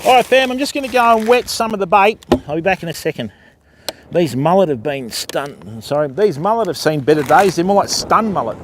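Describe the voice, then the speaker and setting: A man's voice: on the high side, very animated, brisk, noisy background. A man with an Australian accent hosting a live beach-fishing stream outdoors, chatting to viewers and explaining his rigs. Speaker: fishing livestream host. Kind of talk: casual live-stream commentary.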